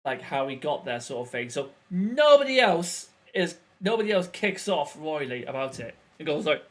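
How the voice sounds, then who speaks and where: Blunt British man, slightly high voice. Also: sing-song, moderate pace, a bit bright. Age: 30s. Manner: blunt, dismissive banter. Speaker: podcast co-host. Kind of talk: casual chat.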